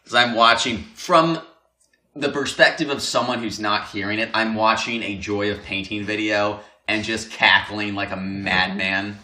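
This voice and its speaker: A man co-hosting a casual podcast, animated and quick to laugh. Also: on the low side. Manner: animated, laughing, bursts into loud mock accents. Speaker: podcast co-host. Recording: echoey room with background noise.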